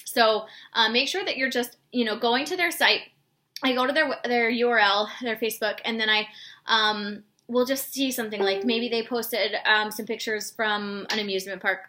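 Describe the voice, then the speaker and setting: Bright, chatty woman coaching. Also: on the high side, a little fast. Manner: chatty, filler-heavy, acts out sample messages in a bright upbeat voice. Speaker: fitness coach. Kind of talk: casual instructional talk.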